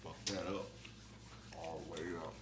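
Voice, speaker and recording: A man's voice: low voice, steady tone, a little slow. A man co-hosting a mukbang video, playful and joking with casual cursing, often talking with his mouth full. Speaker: mukbang channel co-host. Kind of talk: casual chat while eating on camera. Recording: roomy echo, noticeable background noise.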